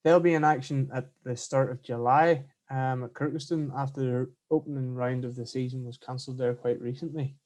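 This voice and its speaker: A man's voice: mid-range voice, fairly even intonation, normal speed, hardly any pauses, darkish tone. A man, hosting a motorsport podcast, making friendly links between segments and handing over to his co-host.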